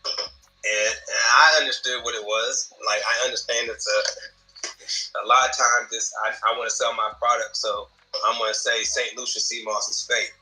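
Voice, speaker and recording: Earnest man with a sharp, bright voice. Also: medium pitch, level tone, rough recording. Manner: earnest, halting, repeats words. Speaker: host. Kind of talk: casual discussion.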